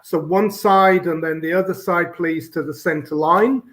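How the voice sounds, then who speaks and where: A man's voice: on the high side, steady tone, normal speed, fairly bright tone, slight background noise. An English man with an English accent, a guest teaching paper folding step by step over a video call. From England. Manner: patient step-by-step instruction. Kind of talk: live online tutorial.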